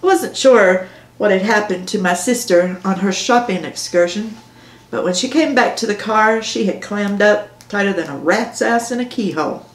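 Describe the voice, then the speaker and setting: Give me a woman narrating her novel, mid-pitched, in a roomy echo. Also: normal speed. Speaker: author reading her own novel. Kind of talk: audiobook narration.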